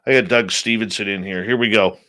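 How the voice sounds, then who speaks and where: Bright-voiced chatty radio host. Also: male voice, on the low side, steady tone, brisk. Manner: chatty, greets chat viewers by name, rants bluntly. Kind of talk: casual live-stream chat.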